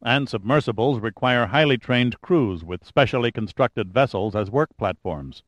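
A man's voice: medium pitch, moderate pace, no room sound, lightly acted. A man voicing an arrogant, charming male adventurer who talks in a dry, clipped, sardonic way in an audiobook.

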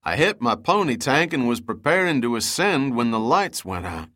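A man's voice: mid-range voice, sing-song, normal speed, bright, forceful tone. A man doing a groggy, slurring injured diver.

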